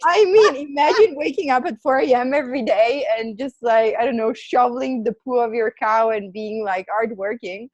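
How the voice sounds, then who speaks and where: A woman's voice: a little high, normal speed, hardly any pauses, a little mellow, no echo, highs cut off. A woman talking in a loose, rambling conversational way, full of filler words, as a podcast co-host. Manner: rambling, heavy use of "like" fillers. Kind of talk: casual conversation.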